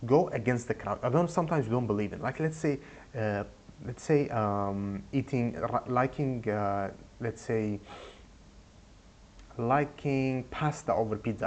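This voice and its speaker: A young man giving casual advice in a goofy, rambling way, speaking deliberately broken English. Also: mid-range voice, darkish tone. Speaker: advice vlogger.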